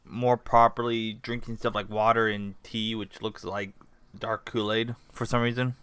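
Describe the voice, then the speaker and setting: A man hosting a casual podcast chat, asking questions and talking in quick bursts. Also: on the low side, little pitch movement, fairly bright tone, clean tone. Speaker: podcast host and streamer.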